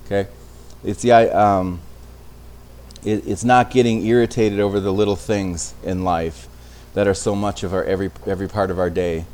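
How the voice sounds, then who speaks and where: A man's voice: low voice, fairly even intonation, moderate pace, a little mellow. A man teaching an informal Bible study in a conversational way, often restarting phrases and checking in with his listeners. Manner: conversational, with frequent restarts and tag questions.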